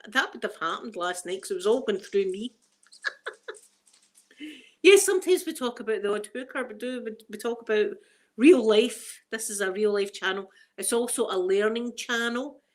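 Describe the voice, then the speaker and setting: Chatty Scottish woman, rambling livestream host. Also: fairly high pitch. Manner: rambling, storytelling, quick to laugh. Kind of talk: casual livestream chat.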